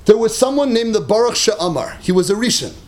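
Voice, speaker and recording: Animated high-voiced man giving a Torah class. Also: a little fast. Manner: animated, rising to near-shouts, laughing at own jokes. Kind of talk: Torah lecture.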